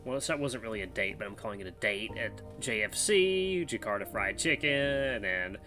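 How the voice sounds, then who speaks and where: A man's voice: medium pitch, sharp tone. A man hosting a let's play, chatting casually with giggly, self-aware asides.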